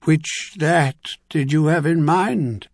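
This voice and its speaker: A man's voice: a little high, moderate pace, darkish tone, no room sound. Casting: man playing a wry older duke, dry and understated, storybook reading.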